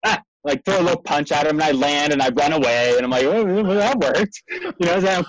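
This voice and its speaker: Excitable, profane man telling a story. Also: on the high side. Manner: profane, excitable, lots of fillers and laughter. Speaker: guest. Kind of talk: animated storytelling. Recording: dull lo-fi dry sound.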